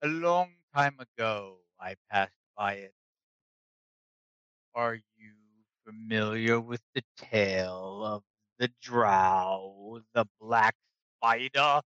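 Man doing haughty old dragon for a tabletop game, slow, commanding, bright crisp tone, muffled dry mic. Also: lowish voice, no echo. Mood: imperious. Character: ancient male dragon, haughty and menacing.

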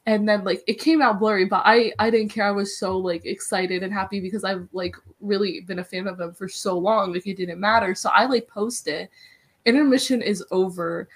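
A young adult woman, a guest on a podcast, chatting in a bubbly, excitable way full of "like"s. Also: medium pitch, normal speed. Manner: bubbly, excitable storytelling, many "like"s. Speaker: wrestling interviewer, podcast guest. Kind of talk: casual podcast chat.

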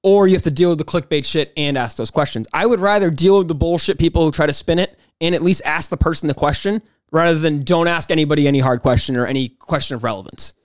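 Give me a fast-talking man co-hosting a podcast, arguing hard, recorded dry and close. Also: a little high, dry recording. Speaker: podcast co-host. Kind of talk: heated casual debate.

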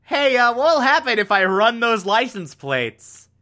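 A man's voice: very high voice, big pitch swings, unhurried, bright, forceful tone, pitched above the performer's own voice, heavily acted. A man quoting a wounded FBI agent who fires off suspicious questions at his friends.

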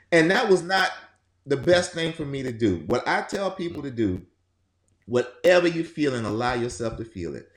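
Animated man in an echoey room. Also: medium pitch, moderate pace, creaky. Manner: animated storytelling, acting out quotes. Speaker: guest on grief. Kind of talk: casual conversation.

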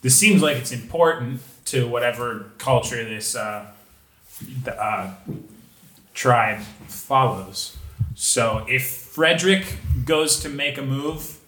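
A man's voice: mid-range voice, expressive, slow, a bit bright. A man playing in a tabletop game, talking in an easygoing way and laughing often. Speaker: player. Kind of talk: casual tabletop play. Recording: echoey room with faint noise.

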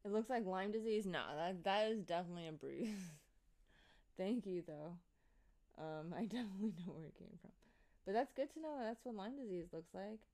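A woman's voice: mid-range voice, animated, normal speed, darkish tone. A woman in her thirties hosting a live show and chatting casually with viewers. She is loose and chatty, laughing and swearing often. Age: 30s. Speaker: livestream host.

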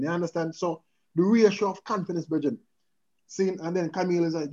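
A man's voice: sits high, quick pace. A man, a podcast guest chatting casually and animatedly, mixing in patois and often asking "you understand?". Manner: animated, repeatedly checks in with the listener, mixes in patois. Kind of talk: casual chat. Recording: dull lo-fi sound.

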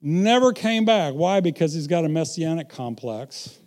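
High-pitched middle-aged guy preaching, storytelling, gets loud then drops quiet. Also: animated, moderate pace. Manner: storytelling, swings from quiet asides to loud emphatic bursts. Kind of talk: sermon.

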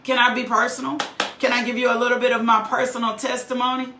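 A woman's voice: on the high side, level tone, fast talker, echoey room, noisy background. A middle-aged woman preaching a sermon with fervor, often repeating lines for emphasis and checking in with "right?".

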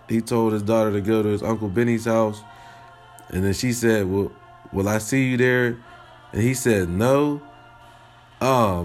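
A man's voice: on the low side, darkish tone. A man talks through a solo podcast episode. He is fired up and repeats his points, peppering his speech with "man". Faint music runs underneath. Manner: impassioned, repetitive, fillers like "man" and "you know what I mean". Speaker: podcast host. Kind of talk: casual solo podcast commentary.

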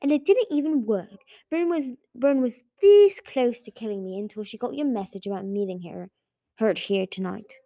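Woman voicing a wry, glib young male dragon prince, mellow storybook read. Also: a little high, lively intonation, moderate pace, dry recording, clean studio sound.

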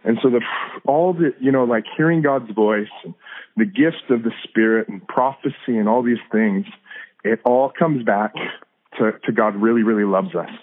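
A man in his thirties tells a personal testimony in an easy conversational way, laughing often and repeating himself as he goes. His voice sits at an ordinary middle pitch. The sound comes through a thin, phone-like line. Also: moderate pace. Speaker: guest telling a testimony. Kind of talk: casual storytelling testimony. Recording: phone-like narrow band audio.

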